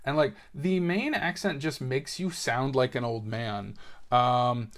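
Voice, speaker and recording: Building a Lego set as he talks, a young man from New England hosts a laid-back solo podcast episode, rambling and leaning heavily on fillers. His voice sits in the mid-range, and he speaks at a moderate pace.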